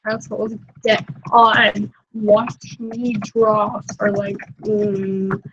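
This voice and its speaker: A woman's voice: a little high, level tone, very slow, a little hiss or hum. A young woman live-streaming while she draws, sick and coughing, rambling casually with lots of filler words. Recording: muffled lo-fi stream audio.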